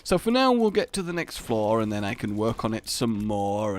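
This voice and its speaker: A man's voice: on the low side, big pitch swings, normal speed, hardly any pauses. A man commenting on gameplay in a rambling, playful, jokey way. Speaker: gaming video host.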